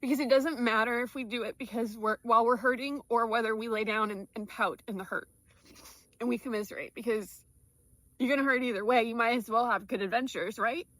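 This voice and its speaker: Woman vlogger, sincere and direct with her followers, voice a bit high, dry recording. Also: fairly even intonation, fairly quick, a bit bright, no echo. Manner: heartfelt, earnest, speaking directly to followers. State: tearful. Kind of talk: emotional personal vlog.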